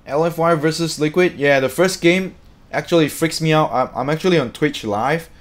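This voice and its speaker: A man chatting casually on a live stream, reading out viewer comments in an excitable, talkative way. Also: on the high side, normal speed.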